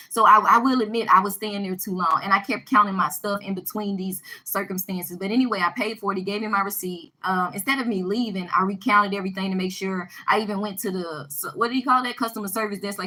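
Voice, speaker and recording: A woman telling a personal story to her viewers in a casual vlog, animated and emphatic, often repeating herself. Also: medium pitch, quick pace, few pauses, rough recording. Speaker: vlogger addressing her viewers.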